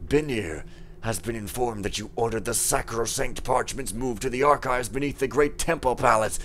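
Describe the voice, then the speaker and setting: An actor playing a solemn messenger who speaks in grave, archaic, formal language. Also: male voice, medium pitch, normal speed, a bit bright, slight background noise, lightly acted.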